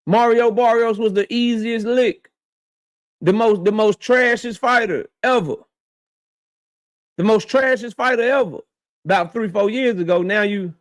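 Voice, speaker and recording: High-voiced man in a heated boxing rant. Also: dry recording, clean studio sound. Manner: confrontational, profane, repeats his points; addresses his target directly. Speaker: boxing channel host.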